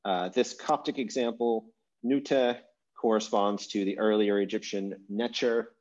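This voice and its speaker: A man teaching an online language class over a video call, talking in a relaxed, rambling way with fillers and restarts. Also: lowish voice, moderate pace. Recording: dull lo-fi video call audio.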